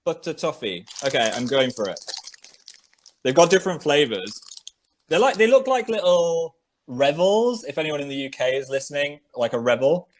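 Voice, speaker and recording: Young man, podcast host, slightly high voice, lively ups and downs, chewing and laughing. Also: normal speed. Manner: animated, laughing, chews while talking. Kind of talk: casual chat, tasting sweets.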